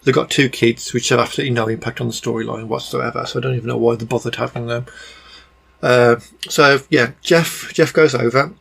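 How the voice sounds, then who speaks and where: A man's voice: mid-range voice, fairly even intonation, fairly quick, creaky, fairly bright tone, husky. A man with a Black Country accent giving a blunt, exasperated film review in a rambling, casual way, full of ums.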